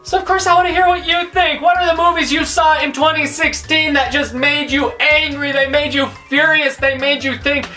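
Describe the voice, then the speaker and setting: A woman's voice: high voice, moderate pace, hardly any pauses, pushed and bright, faint music behind. A woman movie reviewer ranting through a countdown of bad films, exasperated and profane.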